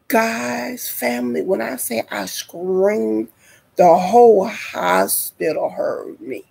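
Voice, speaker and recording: Slow, gravelly woman telling a story. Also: medium pitch, a little mellow. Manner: dramatic storyteller addressing viewers as y'all. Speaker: vlogger. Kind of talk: storytime vlog.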